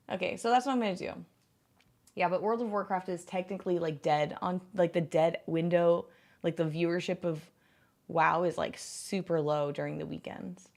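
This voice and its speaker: A woman's voice: on the low side, darkish tone. Chatty woman in her thirties, rambling. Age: 30s. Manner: rambling, heavy use of "like". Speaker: livestreamer chatting with viewers. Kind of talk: casual stream chat.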